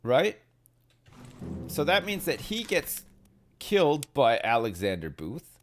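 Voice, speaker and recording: A man's voice: wildly swooping pitch, takes it slowly, a little hiss or hum. A man streaming a game, muttering and puzzling things out aloud as he plays. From Britain. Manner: muttering, puzzling things out, wildly swinging pitch. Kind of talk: thinking aloud while playing a game. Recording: faint game music behind. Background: faint game music.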